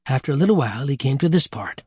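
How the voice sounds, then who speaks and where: A man narrating an audiobook with measured, wry storytelling. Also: medium pitch, animated, mellow, husky, no room sound, studio quality.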